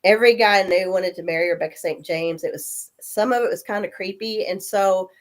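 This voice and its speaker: A woman in her forties, coming down with a cold, telling animated stories in a casual chat and acting out the voices of people in them. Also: mid-range voice, a little fast. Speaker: guest. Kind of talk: casual storytelling.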